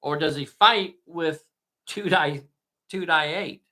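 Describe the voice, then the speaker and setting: A man's voice: on the high side, slow pace, pushed and bright. A man hosting a solo tabletop game, narrating the action with play-by-play enthusiasm and often addressing viewers as boys and girls.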